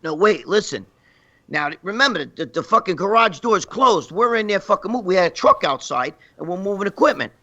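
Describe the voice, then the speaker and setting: A man's voice: high-pitched, expressive, brisk, bright, forceful tone, muffled recording. A man telling crude comic stories, profane and rambling, laughing as he goes. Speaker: guest storyteller.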